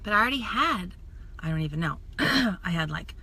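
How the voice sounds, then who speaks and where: Bright, chatty woman live-streaming. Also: on the low side, moderate pace, husky. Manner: chatty, energetic, talks straight to viewers. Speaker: social media coach and makeup seller. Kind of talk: casual live-stream talk.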